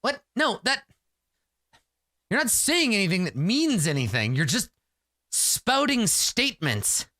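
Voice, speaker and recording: A man voicing a young warrior npc, pitched up high, earnest, begging, stammering, lively swings. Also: a little slow, pauses often, dry recording, studio quality, exaggerated voice. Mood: insistent. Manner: pleading, stammering urgency. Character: desperate young male warrior, pleading and earnest.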